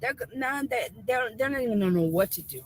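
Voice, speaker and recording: A woman's voice: on the high side, animated, fast talker, rough recording. A woman in her car, talking in an emphatic, insistent monologue and repeating phrases for emphasis. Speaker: streamer in a played clip.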